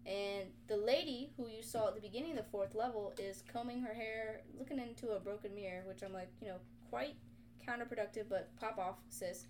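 A young woman co-hosting a podcast, retelling a video game in casual, animated chat full of swearing. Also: mid-range voice, brisk, a little hiss or hum. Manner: animated, profane storytelling. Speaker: podcast co-host.

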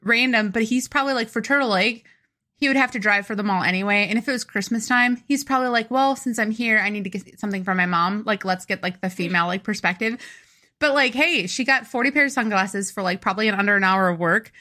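A woman's voice: medium pitch, fast, pushed and bright. A young woman co-hosting a podcast, rambling chattily through a story and poking fun at herself. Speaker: podcast co-host. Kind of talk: casual chat.

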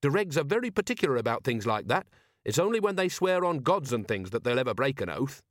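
A man voices an earnest, helpful young male watch captain, using a natural voice pitched above his own. He speaks at medium pitch with big pitch swings and a slightly fast pace, in a dry, clean studio recording.

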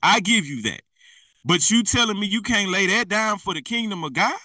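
A man's voice: high voice, expressive, moderate pace, sharp tone, no echo, distant mic, low-quality recording. A man preaching in a blunt, slangy, exhorting way, often laughing at himself. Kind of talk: fiery street-style preaching.

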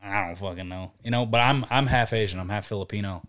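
Profane storytelling young man, lowish voice. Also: quick pace, fairly bright tone. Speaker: podcast guest, band vocalist. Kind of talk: casual podcast chat.

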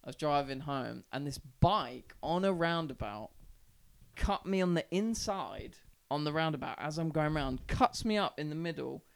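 A young man with a gravelly, creaky edge to his voice, pitched a touch high for a man. He is a podcast guest telling a long, loose story. He swears often and pads his sentences with "like". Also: lively intonation, moderate pace. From South East London. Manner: rambling, heavy swearing, lots of "like". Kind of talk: casual storytelling chat.

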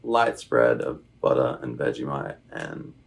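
A young man with an Australian accent chatting casually as a podcast guest, relaxed and rambling with plenty of fillers. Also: rumbling low, a little slow, gravelly, breathy edge. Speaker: guest, baseball player. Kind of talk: casual interview chat. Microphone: podcast microphone.

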